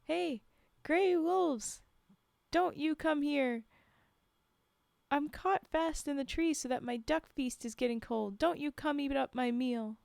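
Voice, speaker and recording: A woman's voice: medium pitch, fairly even intonation, slow, few pauses, a little mellow, clear, resonant tone, no room sound, clean studio sound, lightly acted. A woman voicing a greedy, vain male trickster spirit who whines and complains in a storybook reading. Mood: grumbling. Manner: whiny, complaining.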